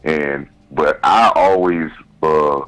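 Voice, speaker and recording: A man calling in to a fan show, speaking in a halting way with many restarts. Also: very deep voice, fairly even intonation, a bit bright, faint music behind, poor audio. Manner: halting, restarts and repeats words. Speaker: caller, a fellow fan. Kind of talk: casual phone-in chat.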